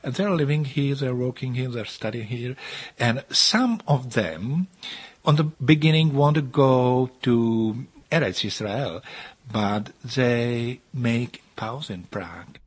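An older man from the Czech Republic answers interview questions in non-native English with a noticeable Czech accent. His voice is husky, and his speech stops and restarts as he hunts for the right words. He sounds like someone in his sixties. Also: mid-range voice. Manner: halting, frequent restarts and repeated words. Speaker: interviewed author.

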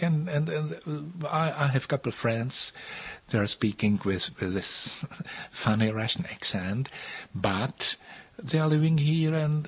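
A man in his sixties from the Czech Republic, speaking halting English with a Czech accent as an interviewed author, restarting and repeating words often. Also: medium pitch, breathy edge. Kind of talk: interview answers in non-native English.

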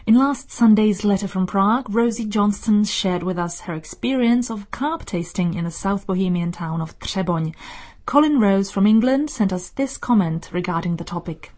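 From a studio, a woman reads the script of her radio listener mail show, measured and explanatory in style. Her voice is medium in pitch with a darkish tone.

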